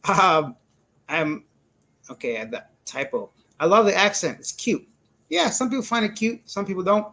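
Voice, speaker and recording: A man's voice: high voice, animated, measured pace, long pauses, pushed and bright. Chatty man hosting a live stream. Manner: chatty, laughs often, greets viewers by name. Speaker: livestream host reading chat. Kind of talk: casual live chat. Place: indoors, living in Cebu.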